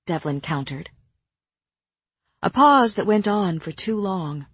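A woman reading a novel aloud in first person, with measured, even storytelling. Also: mid-range voice, husky, no room sound. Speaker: audiobook narrator. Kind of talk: scripted first-person narration.

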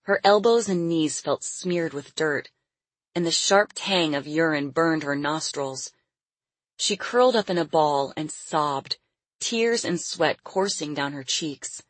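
Low, husky woman narrating a story. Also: animated, slow pace, dry recording. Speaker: audiobook narrator. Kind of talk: scripted narration.

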